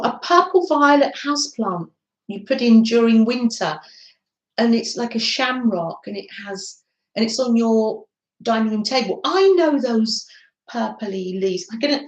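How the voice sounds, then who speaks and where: A middle-aged woman hosts a craft live stream from her desk indoors, chatting casually, reading out viewers' comments and greeting them warmly. Her voice is fairly high with lively intonation and an unhurried pace. The room is echoey and the highs are cut off.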